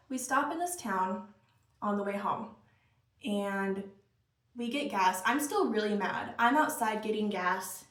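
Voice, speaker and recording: A young woman vlogger telling a spooky story in a casual get-ready-with-me chat, animated and full of "like" fillers. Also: medium pitch, far from the mic. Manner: animated, chatty, lots of "like" fillers. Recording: roomy echo, a bit off-mic.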